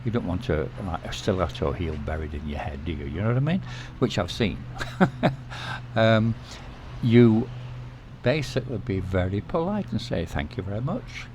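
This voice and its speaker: A man hosting a vlog, giving relaxed, casual advice to the camera, repeating himself and often checking in with "okay?". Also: deep voice, moderate pace, noisy background. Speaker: vlog host.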